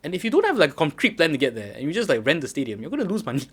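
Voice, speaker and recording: Young Malaysian-accented male host, animated chatty delivery with a lively, slightly high voice. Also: racing. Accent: Malaysian English. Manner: animated, laughs often, talks in bursts. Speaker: podcast host. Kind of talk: casual chat.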